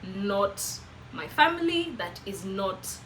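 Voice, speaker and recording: A young Kenyan woman with a Kenyan English accent, telling a chatty, animated, self-mocking story to camera. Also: mid-range voice, slow pace, slight background noise, poor audio. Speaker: vlogger.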